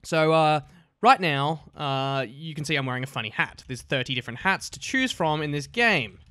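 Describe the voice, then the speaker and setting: Bright-voiced gaming host. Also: male voice, a little high, animated, normal speed, smooth, dry recording, clean studio sound. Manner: crude, profane and jokey. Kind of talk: casual gameplay commentary.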